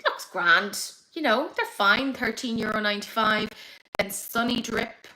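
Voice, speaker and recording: A young woman hosting a casual makeup livestream, chatty and excitable as she reads comments. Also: on the high side, measured pace. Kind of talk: casual live chat reading comments.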